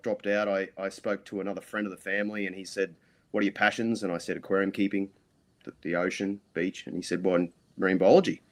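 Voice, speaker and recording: A man's voice: low-pitched, fairly bright tone. A middle-aged Australian man, a podcast guest, telling rambling stories full of ums and restarts. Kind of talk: casual interview storytelling.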